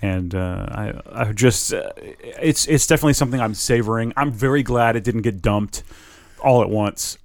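A man's voice: lowish voice, moderate pace, dry recording. Stammering, enthusiastic man in casual chat. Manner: enthusiastic, hesitant with stammered restarts. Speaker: podcast co-host.

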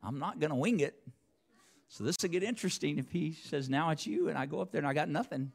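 A preacher telling a personal story in a church sermon, acting out both sides of the conversations. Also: male voice, on the high side, fast talker, creaky, husky. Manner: animated, acts out both sides of dialogue. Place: church sanctuary.

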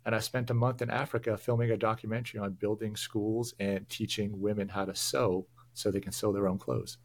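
A firefighter who also works as a public information officer joins a casual interview chat as a podcast guest over a remote video call. His voice is somewhat low and fairly quick, and he tells stories animatedly, stumbling and restarting as he goes.

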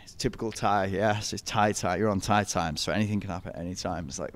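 A man's voice: low-pitched, steady tone, quick pace, few pauses. A young man, telling running stories in a casual interview, chatty and laughing often. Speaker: podcast guest, ultra runner.

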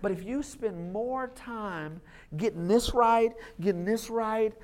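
A man preaching a sermon as lead pastor, animated and joking, acting out little voices and laughing along. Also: sits high, takes it slowly.

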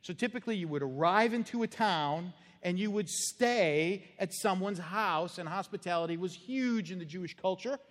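Animated male pastor, high voice, hall reverb. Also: normal speed, few pauses. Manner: animated, conversational, laughs at own jokes, acts out quotes. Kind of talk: sermon.

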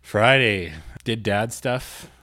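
A man's voice: on the low side, slow pace, bright, forceful tone, no room sound, clean studio sound. A man co-hosting a podcast, easygoing, mostly reacting with short remarks. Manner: easygoing, brief reactions, laid-back. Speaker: podcast co-host. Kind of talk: casual chat. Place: home kitchen.

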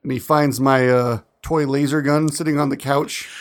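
Creaky-voiced man telling animated stories. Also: mid-range voice, normal speed. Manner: animated, laughs often, acts out quoted voices. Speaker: podcast co-host. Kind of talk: casual chat, storytelling.

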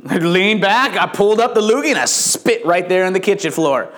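A man's voice: high-pitched, lively intonation, brisk, hardly any pauses, fairly bright tone. A man preaching a sermon with playful jokes and frequent stammered restarts, a father of young kids. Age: adult with young children. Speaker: pastor.

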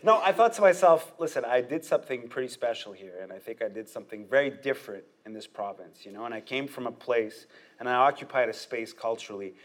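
A male comedian chatting through an interview at an ordinary mid pitch. He talks in lively bursts, laughs a lot and throws in quick asides. His voice sits squarely in the everyday male range. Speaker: stand-up comedian, interview guest. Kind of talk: casual interview talk.

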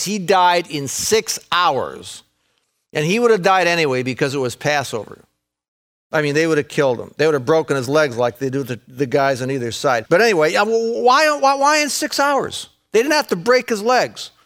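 A man preaching a sermon in a folksy way, peppering his talk with "man" and "folks", swinging between raised excited passages and hushed, intense ones. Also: a little high, normal speed. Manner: folksy, says "man" and "folks", repeats words. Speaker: pastor.

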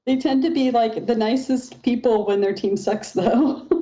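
A woman who speaks slowly and easily in a mellow, warm tone. She chats casually as a podcast co-host and laughs easily. The sound is dull and lo-fi. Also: a little high. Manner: unhurried, chatty, laughs easily. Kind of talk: casual chat.

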